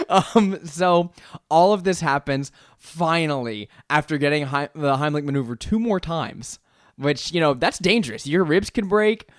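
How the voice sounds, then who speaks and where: A young man co-hosting a podcast, telling a story in casual chat, lively and laughing often as he acts out what people said. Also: on the high side, measured pace, dry recording, clean studio sound. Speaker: podcast co-host.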